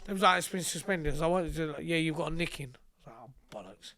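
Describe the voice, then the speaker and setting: A young man tells stories in a loose, casual chat. His voice sits high, and he swears freely as he acts out both sides of each exchange. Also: steady tone, rapid-fire, a crowd in the background. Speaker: podcast guest. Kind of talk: casual storytelling.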